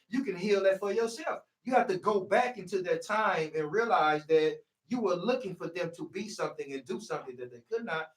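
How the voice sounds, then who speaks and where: A man giving a motivational talk on healing, preachy and emphatic, leaning on repeated "see" to press his points. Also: high voice. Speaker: healing speaker. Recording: echoey room, voice far from mic.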